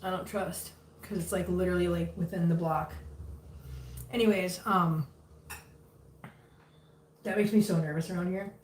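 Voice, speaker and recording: A woman's voice: steady tone, normal speed, long pauses, a little mellow. Chatty fifty-year-old woman livestreaming from across a roomy space. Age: 50s. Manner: chatty, talks to viewers and cats in a high cooing baby voice. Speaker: livestream host. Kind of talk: casual livestream chat. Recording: roomy, picked up from a distance, faint noise.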